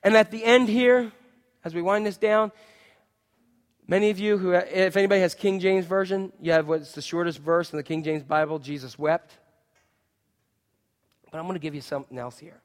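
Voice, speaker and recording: A man preaching a sermon, swinging between loud, emphatic declarations and hushed, quiet passages. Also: high voice, steady tone, normal speed, long pauses, big-room sound. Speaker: pastor.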